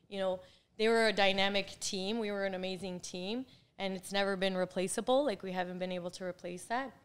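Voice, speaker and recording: Animated woman in her forties, smooth voice. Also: mid-range voice. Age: 40s. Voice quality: animated, laughs often while telling stories. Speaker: guest, real estate coach. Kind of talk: casual interview chat.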